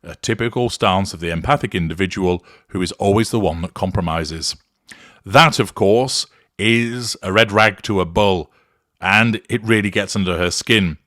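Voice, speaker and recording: A man hosting his show, giving measured, clinical commentary that analyses a recorded argument. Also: lowish voice, fairly bright tone, dry recording, studio quality.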